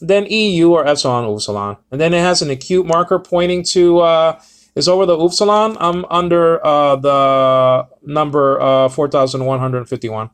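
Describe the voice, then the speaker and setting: A man's voice: on the high side, moderate pace, smooth. Rambling man teaching Greek words. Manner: rambling, self-correcting, many fillers. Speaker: Bible teacher. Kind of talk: casual Greek word lesson.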